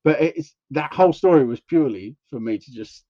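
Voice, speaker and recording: A man's voice: a little high, brisk, no echo, highs cut off. A man telling a long, rambling anecdote on a casual podcast, acting out what people said. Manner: rambling, animated anecdote with acted-out quotes. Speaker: podcast co-host. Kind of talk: casual storytelling chat.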